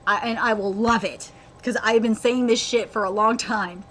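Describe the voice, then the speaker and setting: A woman streamer giving a live reaction to a manga chapter, excitable, cheering loudly and swearing. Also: on the high side, normal speed, few pauses, background noise.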